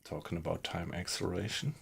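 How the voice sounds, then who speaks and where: Low gravelly guy streaming a game from his little computer room, laid back chatty, faint clicks behind. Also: slight background noise. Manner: relaxed, unhurried, greets viewers chattily. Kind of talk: casual live-stream chat while playing. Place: small home computer room.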